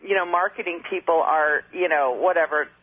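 A woman's voice: on the low side, fairly even intonation, brisk, breathy edge. A woman newspaper reporter calling into a radio show, telling rambling anecdotes with frequent restarts. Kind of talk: casual phone-in chat. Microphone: telephone. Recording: tinny phone line.

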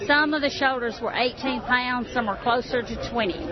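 A woman's voice: a little high, normal speed, background noise. A woman from Alabama explaining her restaurant's food in a matter-of-fact, proud way during a casual interview. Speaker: barbecue restaurant representative. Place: outdoor festival crowd. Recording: muffled radio recording amid crowd.

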